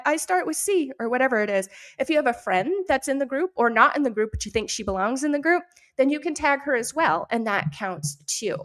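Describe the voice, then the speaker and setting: A woman's voice: fairly high pitch, a bit bright. A woman from New Hampshire with a New Hampshire accent, hosting a casual morning chat show, upbeat and laughing easily. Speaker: podcast host.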